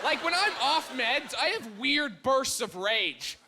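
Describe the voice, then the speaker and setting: A young man performing a stand-up comedy set on a club stage, telling dark jokes in a wry, punchy way. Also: very high voice, big pitch swings, slow. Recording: audience ambience with noise.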